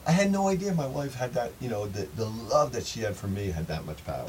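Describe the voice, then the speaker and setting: Profane, animated man telling a story. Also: medium pitch, fast talker. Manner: profane, emphatic, addresses listeners as folks. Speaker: channel host. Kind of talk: rambling first-person story monologue. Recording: distant mic with faint background noise.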